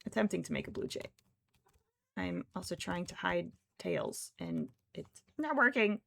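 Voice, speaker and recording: A woman's voice: fairly low pitch, wildly swooping pitch, measured pace, creaky, fairly bright tone. A woman streamer chatting casually while crafting, who talks to her cats in baby talk.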